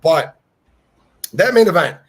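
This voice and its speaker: A man co-hosting a wrestling podcast, talking in an excited, profane, gushing way. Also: a little high, slow, husky. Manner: profane, passionate, gushing fan. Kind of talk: excited casual podcast chat.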